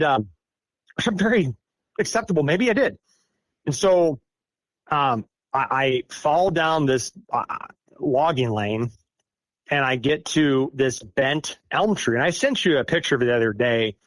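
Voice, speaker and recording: A man's voice: medium pitch, lively intonation, unhurried, pauses often, fairly bright tone, dry recording. A middle-aged man from Iowa tells a long personal story as a podcast guest, in an ordinary mid-range voice. He rambles, laughs at himself and fills gaps with "uh" and "like". The sound is dry and close, with no room around it. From Iowa, United States. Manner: rambling, self-deprecating, with frequent fillers. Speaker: guest recounting an encounter. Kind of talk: casual storytelling.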